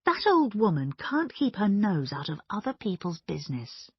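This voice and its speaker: A woman voicing a sharp-tongued young woman who sounds dry and dismissive, in a storybook reading. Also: mid-range voice, sing-song, normal speed, slightly rough, no room sound, dull audio, pitched above the performer's own voice.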